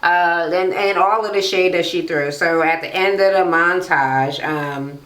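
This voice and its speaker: A woman's voice: fairly low pitch, steady tone, unhurried, fairly bright tone. A woman casually recapping a reality show episode, with sassy, profane, mocking commentary. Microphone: camera microphone. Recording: roomy, echoey room.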